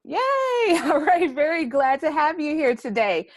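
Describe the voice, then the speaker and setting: A woman's voice: sits high, sing-song, measured pace, no echo, studio quality. A woman hosting a podcast panel in an upbeat, enthusiastic way, speaking over a video call. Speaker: panel host.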